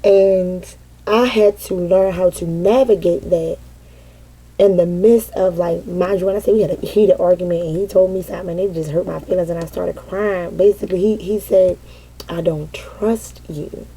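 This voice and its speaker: A middle-aged mother telling a candid, casual personal story, animated and peppered with cursing. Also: lowish voice, normal speed, breathy edge, poor audio. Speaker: mother sharing parenting experience.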